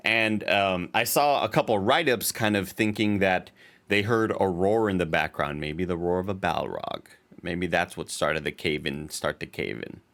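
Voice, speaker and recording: Recapping a TV episode on a podcast he co-hosts, this young man rambles and swears, restarting often and leaning on fillers. His voice is low, animated and a little bright, with vocal fry, and his pace is moderate.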